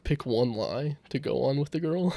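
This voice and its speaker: A man's voice: mid-range voice, normal speed, gravelly, warm tone, dry recording. A man in his twenties co-hosting a podcast, talking casually and chuckling. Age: 20s. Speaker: podcast co-host. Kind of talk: casual chat.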